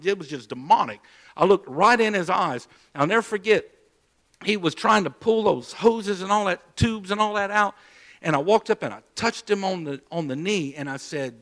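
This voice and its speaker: A man preaching, telling a personal story in a sermon, moving between hushed low stretches and loud raised emphasis, with many repeats and restarts. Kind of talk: sermon testimony.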